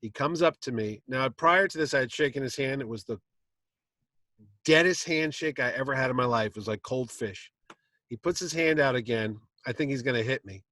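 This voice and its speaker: A man at a convention panel spins a long, animated anecdote and slips into the voices of the people in it. His voice sits at a middling pitch. The sound is dry and close, with little room around it. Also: moderate pace, no echo. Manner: lively anecdote, acting out quotes. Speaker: comic con panel host telling a story. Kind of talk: animated storytelling. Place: convention stage.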